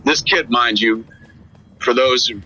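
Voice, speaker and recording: A man in his fifties with a mid-range voice co-hosts a podcast, chatting casually against a noisy background. An animated storyteller, he acts out quoted dialogue with quick shifts of voice.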